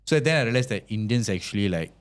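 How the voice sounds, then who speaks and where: A man with a Malaysian English accent, a filmmaker guest chatting casually in an interview, laid-back and quick to laugh. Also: lowish voice, animated. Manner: laid-back, laughs often, lots of fillers.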